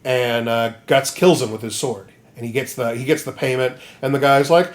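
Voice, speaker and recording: A man co-hosting a comedy podcast, retelling a story with lively jokes and goofy voices. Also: mid-range voice, moderate pace. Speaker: podcast co-host. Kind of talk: comedic casual chat.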